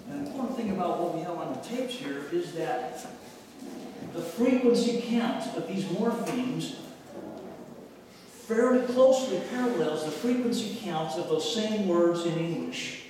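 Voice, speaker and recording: A man's voice: high voice, expressive, measured pace, background noise. A man giving a conference lecture, explaining step by step and often checking in with a rhetorical "right?". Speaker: conference presenter. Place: conference hall. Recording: very echoey hall, far from the mic.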